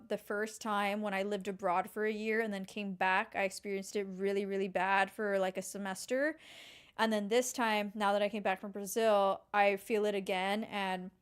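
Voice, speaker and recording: A young woman co-hosting a podcast in a casual, animated chat, full of filler words. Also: medium pitch, smooth. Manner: animated, chatty, heavy use of filler "like". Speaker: podcast co-host.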